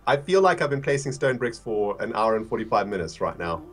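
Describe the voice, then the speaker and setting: A man's voice: lowish voice, very animated, fairly quick, faint music behind. A man chatting casually on a livestream, laughing often and reading out donations.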